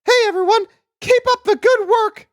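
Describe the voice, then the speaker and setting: A man voicing a cheerful, eager teenage girl from a video game in a chirpy falsetto. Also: normal speed, dry recording, studio quality.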